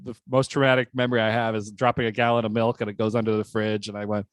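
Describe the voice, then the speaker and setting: A man co-hosting a casual podcast chat, telling an anxious story and acting out the voices in it with sudden high yelps. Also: level tone, quick pace, clean tone, dry recording, studio quality. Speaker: podcast co-host.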